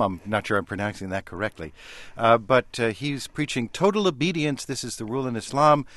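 A man's voice: lowish voice, fairly bright tone, no room sound. A man hosting a call-in radio show, asking questions hesitantly with many fillers. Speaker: radio host.

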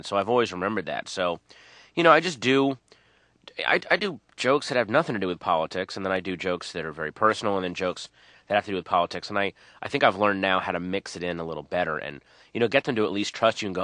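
A comedian in his thirties talks on a radio show, rambling through his stories and acting out the voices in them. His voice is low but has a bright edge. The studio sound is dry and close. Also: fast talker, no echo. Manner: rambling, animated storytelling with quoted voices. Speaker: stand-up comedian guest. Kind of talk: radio interview.

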